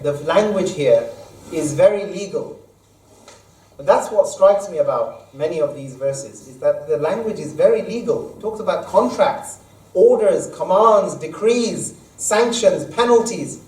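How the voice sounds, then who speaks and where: A man's voice: fairly high pitch, darkish tone. A man giving a Friday sermon as imam, quoting Arabic verses and explaining them in plain terms. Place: mosque hall. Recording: echoey hall, mic at a distance.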